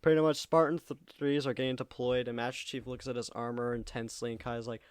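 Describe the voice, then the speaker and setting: A young man hosting a casual review chat, rambling and joking, slipping into quick put-on character voices. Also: medium pitch, level tone, clean tone, dry recording, clean studio sound. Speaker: video host.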